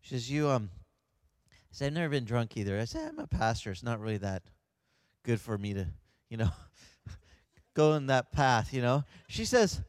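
A man who is a pastor, telling a lively personal story and acting out the voices of the people in it. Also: medium pitch, normal speed, no room sound. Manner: animated, acts out voices of others. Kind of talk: storytelling anecdote.

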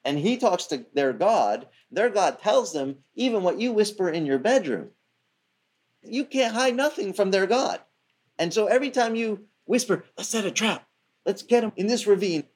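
A man's voice: high-pitched, lively intonation, moderate pace, husky, pitched above the performer's own voice. A man voicing anxious soldiers explaining themselves to their king. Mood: pleading. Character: nervous loyal soldiers of an enemy king.

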